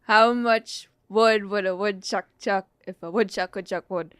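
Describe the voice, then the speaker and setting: A man's voice: high-pitched, steady tone, a little slow, fairly bright tone, clean tone, no echo, clean studio sound, voice pushed up. A man voicing an immigrant's nervous wife who stumbles and repeats herself.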